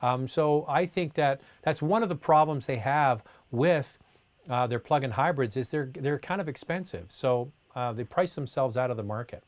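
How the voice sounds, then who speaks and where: A man in a relaxed live Q&A, talking off the cuff as he reads out viewer comments and answers them. His pitch sits in an ordinary middle range. His talk is loose and chatty, full of ums and restarts. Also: moderate pace. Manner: casual, chatty, reads comments aloud with many fillers. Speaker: host answering viewer questions. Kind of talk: live Q&A chat.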